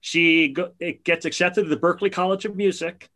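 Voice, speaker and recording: A man's voice: sits high, fairly even intonation, normal speed, sharp tone. A middle-aged man co-hosting a podcast, telling stories in an enthusiastic, casual way. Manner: enthusiastic storyteller. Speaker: podcast co-host. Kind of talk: casual chat.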